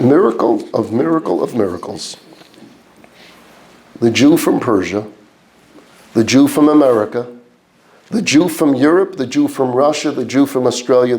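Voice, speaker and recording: A rabbi with a New York accent leads a class in a mid-pitched male voice. He throws rhetorical questions at the room and answers them himself. His delivery stacks repeated phrases into lists as he builds each point. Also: warm tone. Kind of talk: lecture to a live class.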